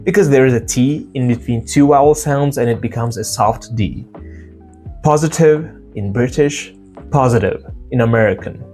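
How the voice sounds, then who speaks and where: A man giving a casual pronunciation lesson, explaining sounds and slowly repeating example words to demonstrate them. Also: mid-range voice, steady tone, darkish tone, faint music behind. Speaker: English pronunciation teacher.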